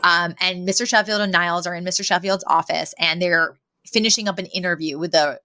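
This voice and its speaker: A woman co-hosting a podcast, recapping an episode in casual chat, telling it with lively asides and frequent laughter. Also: on the low side, a little fast. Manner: animated storytelling, laughs often, acts out quotes. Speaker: podcast co-host.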